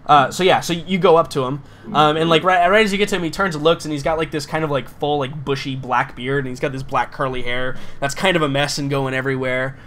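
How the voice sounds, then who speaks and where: A man's voice: fairly high pitch, fairly even intonation, fast, few pauses, a bit bright, a little hiss or hum. A man narrating a tabletop role-playing game as game master, loose and rambling with many fillers.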